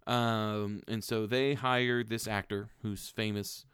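Man, low smooth voice, dry close sound, loose rambling movie recap. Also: fairly even intonation, slow pace, fairly bright tone, dry recording. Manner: rambling, lots of ums and swearing. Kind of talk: casual chat, retelling a movie plot.

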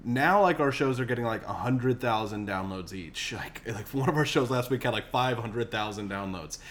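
A man's voice: mid-range voice, normal speed, a bit bright. Guy hosting a podcast, jokey and rambly, lots of uhs and likes. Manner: loose, jokey, rambling with fillers. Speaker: podcast host. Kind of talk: casual podcast chat.

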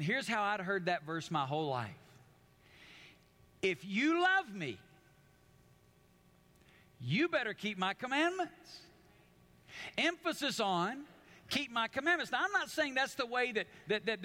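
A man preaches with a high, pushed, bright voice. Speaking as pastor, he's emphatic, often repeats or restarts phrases, and asks his congregation questions head-on.

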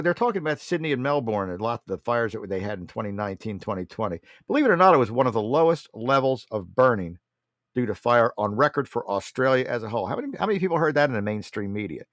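A man's voice: mid-range voice, no echo, clean studio sound. A man hosting a political talk show, delivering a blunt, mocking monologue and often calling his listeners folks.

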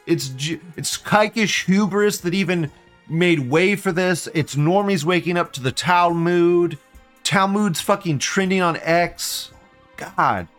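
A man's voice: sits high, takes it slowly, fairly bright tone, faint music behind. A man hosting a live stream, ranting in a profane, agitated way and firing off repeated questions. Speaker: livestream host. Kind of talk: live-stream rant reading chat.

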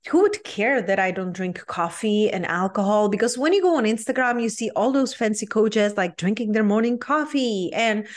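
A woman's voice: mid-range voice, animated, moderate pace, few pauses. A woman with a Czech accent hosting her own podcast as a business coach, talking in an upbeat, earnest, motivational way. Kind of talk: solo podcast talk.

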